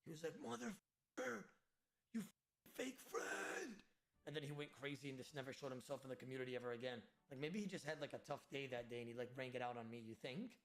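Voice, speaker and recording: Animated, swearing man streaming to chat. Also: mid-range voice, very fast, few pauses. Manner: animated, swears freely, addresses chat directly. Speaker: game streamer. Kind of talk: casual livestream chat while gaming.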